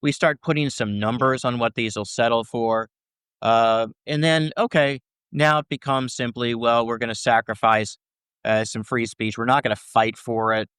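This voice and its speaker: A man's voice: mid-range voice, fairly even intonation, normal speed, a bit bright, clean tone, no echo, clean studio sound. A man answering interview questions as a scholar, talking in long explanations and checking in with "right?" between points. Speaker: First Amendment scholar guest.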